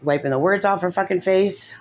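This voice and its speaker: A woman's voice: lowish voice, a little fast, a little mellow, a little hiss or hum. A woman, a mother, talking through her grievances in an upset, rambling way, tearful and full of fillers. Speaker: mother in a custody case. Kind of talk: emotional vlog commentary.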